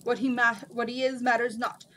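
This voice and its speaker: A woman's voice: fairly high pitch, level tone, moderate pace, fairly bright tone, a little hiss or hum, natural voice, rough recording. A woman voicing a stern male djinn giant who speaks in grand, archaic pronouncements in a storybook reading. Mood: booming.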